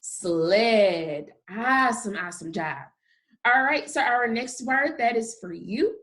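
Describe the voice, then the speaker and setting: A woman's voice: a little high, animated, fairly bright tone. A woman kindergarten teacher giving a recorded phonics lesson, stretching out sounds one at a time and praising the children often. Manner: slow, exaggerated sound-by-sound modeling with upbeat praise.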